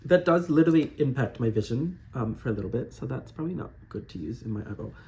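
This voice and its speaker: A man's voice: mid-range voice, lively intonation, fast talker, warm tone. A man in drag talking casually and playfully through a makeup tutorial, filmed on a phone camera at home. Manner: playful, giggly and self-mocking. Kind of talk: casual chatty vlog narration.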